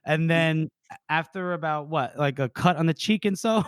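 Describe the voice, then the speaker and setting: A man's voice: on the high side, moderate pace, smooth, no echo, clean studio sound. A man co-hosting a podcast, casually retelling a book scene, laughing often and swearing freely. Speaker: podcast co-host.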